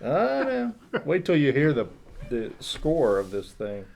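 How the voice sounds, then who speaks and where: A man's voice: on the high side, wildly swooping pitch, a little slow, creaky, a little mellow. A man in a casual podcast chat, trading dry, teasing remarks and reading out album scores.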